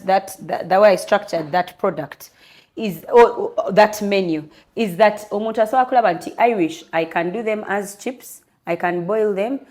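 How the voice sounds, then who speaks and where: Young ugandan woman, guest on an interview, earnest and lively, talks about her life openly. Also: medium pitch. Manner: switches between English and Luganda, lively and earnest. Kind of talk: candid personal storytelling.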